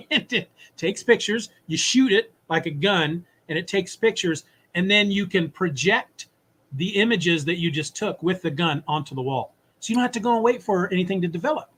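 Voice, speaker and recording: A man co-hosting a podcast, casually and animatedly retelling a comic story and briefly acting out its characters. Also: sits high. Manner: animated retelling, voices characters in quick asides. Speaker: podcast co-host. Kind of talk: casual comic recap chat.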